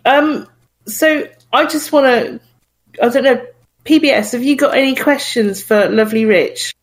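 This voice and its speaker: A woman's voice: sits high, a little slow, rough recording. A woman hosting a podcast, asking questions in an enthusiastic, giggly manner. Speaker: podcast host. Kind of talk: casual interview chat.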